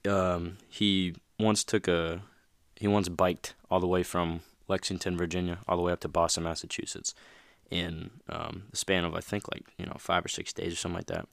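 A man's voice: low-pitched, little pitch movement, moderate pace, gravelly, fairly bright tone, no echo, studio quality. A man hosting a motivational podcast, talking casually with plenty of fillers and restarts. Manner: rambling, lots of fillers and you-knows. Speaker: podcast host.

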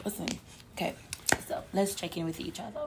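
A woman co-hosting a podcast in casual chat, her voice hoarse from shouting, telling stories with lots of fillers. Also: fairly low pitch, fairly quick, background noise. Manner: chatty, animated storyteller with frequent fillers. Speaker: podcast co-host.

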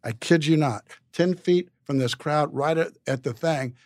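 A man's voice: on the high side, measured pace, darkish tone, no echo. A man talking as a podcast guest, telling a long anecdote in a rambling, stop-start way with lots of repeated words. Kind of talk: casual anecdotal storytelling.

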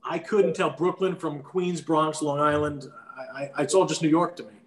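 A man's voice: fairly high pitch, steady tone, moderate pace, roomy sound, crowd noise. A man from New Jersey, an actor, chatting thoughtfully and often restarting his sentences. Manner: thoughtful, stumbles over restarts. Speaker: actor, guest. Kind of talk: casual chat.

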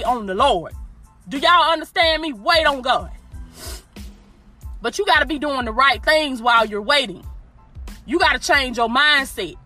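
High, bright-voiced woman preaching emphatically. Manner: emphatic, repeats phrases, addresses listeners directly with y'all and baby. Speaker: motivational preacher. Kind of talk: informal preaching.

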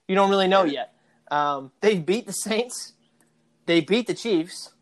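A podcast co-host in casual sports talk, chatty and animated, arguing points at length. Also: mid-range voice.

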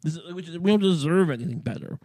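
A man's voice: fairly high pitch, expressive, quick pace, darkish tone. A man from New York hosting a podcast, ranting in a rambling, profane, sardonic way with frequent restarts. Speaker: podcast host. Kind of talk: casual ranting monologue.

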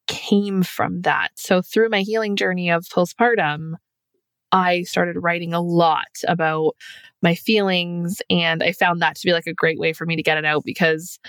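Woman podcast guest, low-pitched, open and reflective, dry close mic. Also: a bit bright, no room sound. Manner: candid, reflective, many "like" fillers. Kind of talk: casual conversation.

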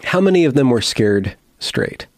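A man in a loose podcast chat speaks in a middle pitch over a dry, close mic. He hesitates, fills gaps and trails off as he works through a thought. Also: very animated, normal speed, no room sound. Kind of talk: casual chat.

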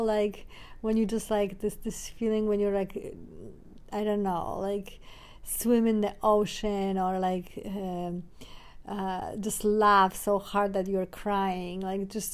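A woman's voice: mid-range voice, a little mellow. A woman hosting her own podcast, talking in a heartfelt, rambling way with many fillers and restarts. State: tearful, getting emotional. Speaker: podcast host. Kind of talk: solo podcast reflection.

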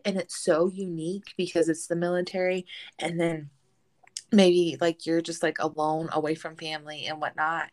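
A woman's voice: low voice, a little mellow. A woman, a military spouse, talking casually on a podcast in an earnest, reflective way, often saying "like". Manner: earnest, reflective, many filler "like"s.

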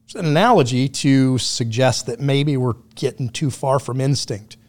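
A man speaking as a podcast guest in loose, casual conversation. He tells his stories bluntly, with plenty of swearing, at an ordinary middle pitch. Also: moderate pace, darkish tone. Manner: blunt, profane storyteller.

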